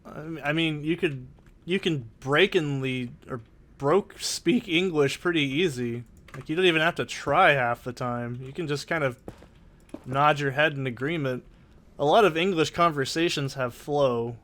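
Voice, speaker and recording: A man's voice: on the high side, normal speed, fairly bright tone. A man with a Southern Oregon accent rambling casually and swearing freely while narrating his gameplay, recorded on a desk mic in a soundproofed home corner. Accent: Southern Oregon, Pacific Northwest. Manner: rambling, profane, opinionated. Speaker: let's play host. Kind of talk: casual gaming commentary. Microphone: desk condenser mic with pop filter.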